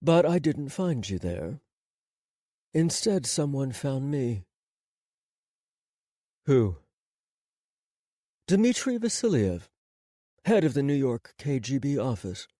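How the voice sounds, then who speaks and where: A man voicing a smooth-spoken, fatalistic former lover turned spy, calm and unhurried, in an audiobook reading. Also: medium pitch, no room sound, clean studio sound. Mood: cool, wistful. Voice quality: smooth, accentless.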